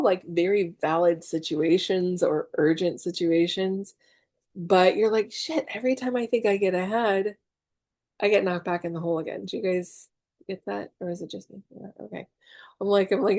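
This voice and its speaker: A woman's voice: mid-range voice, darkish tone, no echo. A middle-aged woman teaching a spiritual class in a chatty, confessional way, swearing freely and acting out her own panics. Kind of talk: casual online class talk.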